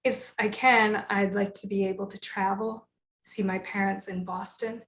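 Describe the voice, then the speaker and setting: A woman plays a terminally ill mother of young children in a solo stage show, speaking in a pleading, emotional way. The voice stays mid-pitched, with a roomy echo around it. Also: level tone, moderate pace, fairly bright tone, natural voice.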